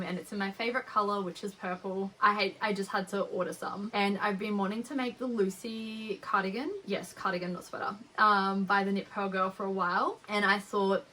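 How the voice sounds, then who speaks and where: A woman's voice: mid-range voice, sharp tone, a little hiss or hum, low-quality recording. A young woman with an Australian accent, hosting a knitting podcast in a rambling, chatty way. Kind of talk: casual chat.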